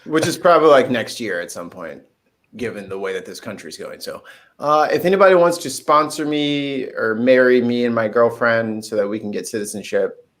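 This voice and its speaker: A man chatting as a guest on a casual online stream. His pitch sits in the middle range. He jokes and teases, and he slips easily into giggles. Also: normal speed. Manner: joking, giggly, playful. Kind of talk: casual group chat.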